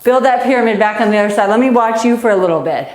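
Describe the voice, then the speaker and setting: A woman's voice: on the high side, racing, darkish tone. Breathless, encouraging woman tennis coach. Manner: encouraging, coaching while hitting and counting. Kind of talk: live online kids' tennis lesson. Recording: echoey room.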